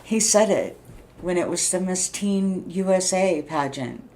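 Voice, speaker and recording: A woman's voice: lowish voice, a little slow, mellow. A woman around sixty talking casually to her camera, blunt and frustrated, swearing freely and laughing at herself. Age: 60s. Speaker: vlogger. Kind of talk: casual rambling monologue.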